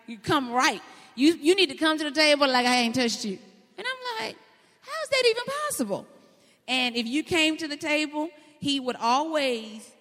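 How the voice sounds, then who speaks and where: A woman preacher, delivering a sermon in a folksy, animated storytelling way. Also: high voice. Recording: long hall reverb.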